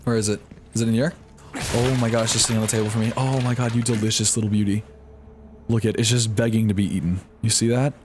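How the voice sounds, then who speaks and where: A man streaming a horror game live, reacting in a goofy, excitable way and often yelping up high. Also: fast, background noise. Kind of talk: live gameplay commentary. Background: game music.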